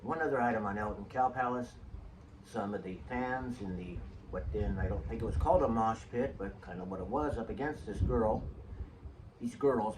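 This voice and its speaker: Chatty man rambling through stories, mic at a distance. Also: mid-range voice. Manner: chatty, digressive, joking asides to the audience. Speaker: show host. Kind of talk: casual rambling storytelling monologue. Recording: distant mic with faint background hiss.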